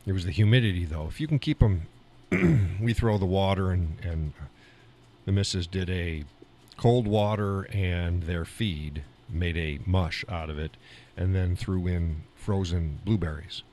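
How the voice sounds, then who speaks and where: A man's voice: sits low, a little slow, dark tone. An American man hosting a live stream, chatting in a rambling, folksy way. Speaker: live show host. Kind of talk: casual chat on a live stream.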